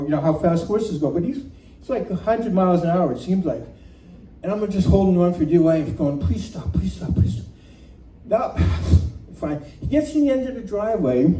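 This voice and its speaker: A man telling a comic true story at a live storytelling night, animated and self-mocking, often laughing as he talks. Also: sits high. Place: community center room. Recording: echoey room from far off, faint noise.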